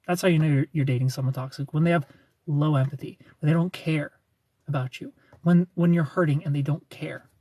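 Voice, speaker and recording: A man's voice: on the high side, no echo. A man hosting a casual livestream, greeting viewers by name, reading their comments aloud and teasing them with frequent laughs. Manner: chatty, reads viewer names and comments aloud. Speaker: livestream host.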